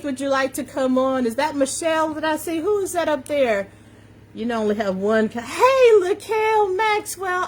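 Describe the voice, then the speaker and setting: Slow, emphatic woman preaching confidence live. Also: sits high. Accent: New York, slight. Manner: preachy and emphatic, repeating phrases, greeting viewers by name. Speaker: confidence coach hosting a live stream. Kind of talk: live-stream motivational talk. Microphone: phone or webcam on a social media live video.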